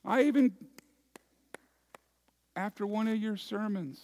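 A man doing a desperate shut-out man, high and loud. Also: takes it slowly. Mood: pleading. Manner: insistent, protesting.

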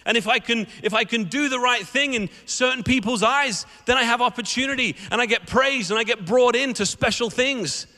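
Bright-voiced man preaching in a hall. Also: very high-pitched, normal speed, hardly any pauses. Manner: animated storytelling, acts out the characters. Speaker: guest preacher. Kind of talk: sermon. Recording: echoey hall reverb.

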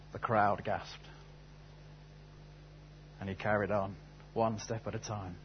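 A man's voice: on the low side, little pitch movement, slow pace, highs cut off, a little hiss or hum. A man preaching a sermon, telling a story and then asking earnest, searching questions. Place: church service.

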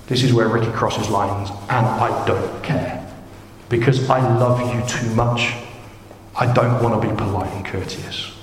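A man in his thirties preaching a sermon, chatty and jokey, with sudden excited rises. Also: medium pitch, moderate pace, slight background noise. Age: 30s. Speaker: pastor. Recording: echoey hall, faint room ambience.

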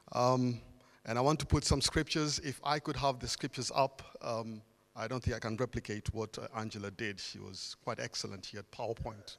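A man preaching a sermon in earnest tones, building emphasis through repeated phrases. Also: mid-range voice. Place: church hall. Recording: long hall reverb.

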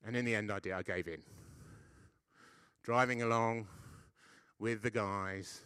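Guy preaching, casual and jokey, lower voice, pretty bright tone. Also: fairly even intonation, unhurried, pauses often, smooth, dry recording, clean studio sound. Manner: conversational, self-deprecating, frequent "yeah?" checks. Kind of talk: sermon. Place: church.

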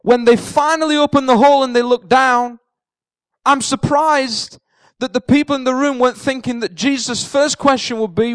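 A man's voice: very high-pitched, fairly even intonation, normal speed, dry recording. A man preaching a sermon, retelling a story with energy, acting out the characters' words and repeating key phrases for emphasis. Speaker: pastor.

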